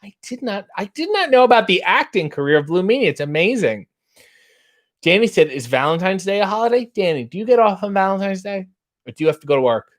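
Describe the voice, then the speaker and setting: A man in his thirties, hosting a casual chat and reading out viewer comments with wry, animated delivery. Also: high-pitched, quick pace. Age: 30s. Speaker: host.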